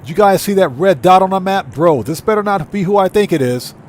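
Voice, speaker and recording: A man hosting a live gameplay stream, trash-talking rival players and giving loud shout-outs to chat members. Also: high voice, animated, a little fast, a little hiss or hum. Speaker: livestream host.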